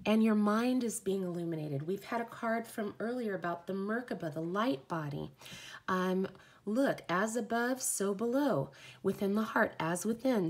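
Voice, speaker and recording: A woman giving a heartfelt, rambling live oracle card reading. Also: mid-range voice.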